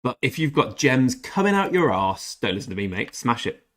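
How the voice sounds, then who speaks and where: A man's voice: medium pitch, big pitch swings, normal speed, fairly bright tone. A young British man streaming a game, chatting casually with viewers by name and giving blunt opinions with mild swearing. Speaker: gaming streamer. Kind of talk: casual livestream chat while playing.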